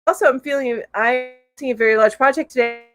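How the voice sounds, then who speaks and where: Reading comments from viewers on a casual live stream, a middle-aged woman giggles and bubbles along, cooing now and then at her cat. She speaks a little fast, with a fairly high, steady voice.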